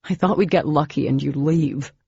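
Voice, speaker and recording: A woman voicing an intense, weary young man who speaks in an urgent, low, insistent way, in an audiobook. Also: lively intonation, moderate pace, gravelly, warm tone, breathy edge, dry recording, dull audio, heavily acted.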